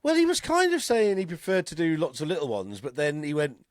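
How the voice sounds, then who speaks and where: A man's voice: a little high, huge pitch swings, a little fast, dry recording, clean studio sound. An English man co-hosting a podcast, chatting casually, laughing often and swearing freely. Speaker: podcast co-host. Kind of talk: casual chat.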